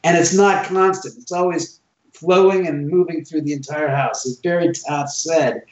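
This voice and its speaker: A man with a somewhat high voice tells stories in a casual podcast chat. He acts out every line of dialogue. The recording is roomy and a little dull. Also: normal speed. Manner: animated, acts out quoted dialogue. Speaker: guest, owner of a reputedly haunted house.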